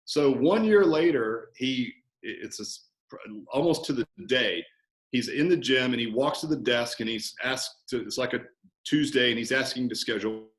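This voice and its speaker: A man guest talking about coaching in a relaxed, animated interview, often acting out conversations. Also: medium pitch, normal speed, echoey room. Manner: animated storyteller, acts out coach-client banter. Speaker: fitness business owner, guest.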